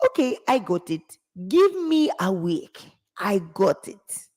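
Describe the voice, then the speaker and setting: A woman doing an impression of an eager young woman rapper who talks loud and repeats herself on the phone. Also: medium pitch, sing-song, takes it slowly.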